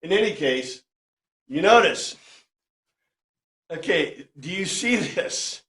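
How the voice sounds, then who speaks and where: A man teaching an informal Bible study class, talking in a conversational, animated way and often checking in with "right?". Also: high voice, slow, roomy sound.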